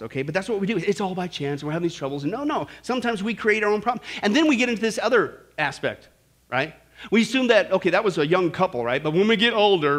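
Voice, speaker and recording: A man's voice: high-pitched, bright, forceful tone. A man preaching a sermon, telling a story with lots of "listen" and "right?" asides. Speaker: pastor.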